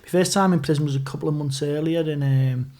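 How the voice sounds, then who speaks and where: A man's voice: a little high, fast talker. Chatty scouse man telling prison stories. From Liverpool. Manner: animated anecdotes, swearing, rambling restarts. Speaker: podcast guest. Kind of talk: casual storytelling.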